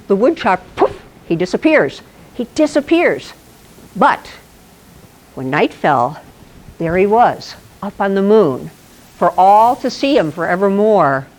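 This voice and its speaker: A woman giving a playful astronomy presentation to a live audience, telling stories and quizzing the room. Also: fairly low pitch. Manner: playful, animated, asks the audience questions. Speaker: presenter at an astronomy club talk. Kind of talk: lively storytelling lecture.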